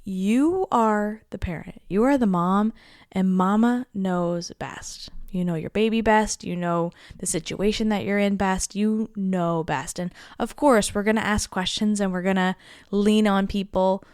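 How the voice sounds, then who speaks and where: Young woman podcast host, smooth clear voice, earnest and enthusiastic, dry close-mic sound. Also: medium pitch, measured pace, a little mellow, dry recording. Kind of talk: solo podcast monologue.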